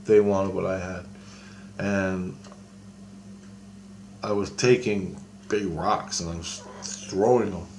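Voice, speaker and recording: A man's voice: sits low, fairly even intonation, takes it slowly, long pauses, a little mellow, slight background noise. A man telling a long rambling story in casual talk, often restarting and acting out both sides of a conversation. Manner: rambling, with many restarts and quoted dialogue.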